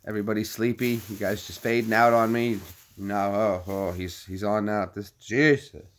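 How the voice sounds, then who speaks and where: A man's voice: fairly low pitch, fairly even intonation, normal speed. A man in his thirties chatting casually to a live-stream audience, rambling and joking. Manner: rambling, jokey, puts on silly voices.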